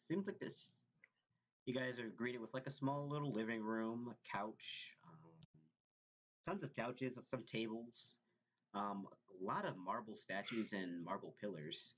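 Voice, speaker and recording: Hesitant low-voiced man running a tabletop game. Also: measured pace. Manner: hesitant, many fillers and restarts. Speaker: game master. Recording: dull lo-fi recording.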